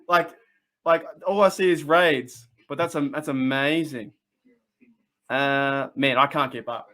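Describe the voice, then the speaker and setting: An Australian man hosting a casual fan livestream, excitable and rambling, often restarting his sentences and laughing as he reads the chat. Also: medium pitch, unhurried. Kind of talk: casual live-stream chat.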